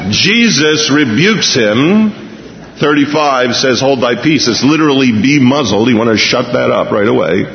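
Delivering a sermon at a moderate pace and medium pitch, a man tells the scene as a lively story, acting out the quotes and changing speed as he goes. Long hall reverb hangs over the dull, lo-fi recording.

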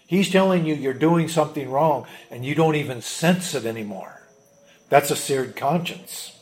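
A man's voice: fairly high pitch, moderate pace, a little mellow. A man preaching a sermon, earnest, often asking rhetorical questions of the congregation. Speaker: pastor.

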